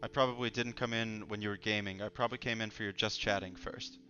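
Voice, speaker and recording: A man with a fairly low, bright and forceful voice hosts a casual livestream conversation at a quick, steady pace. Easygoing and joking, he reads chat comments aloud as he goes, over dull lo-fi stream audio with faint music.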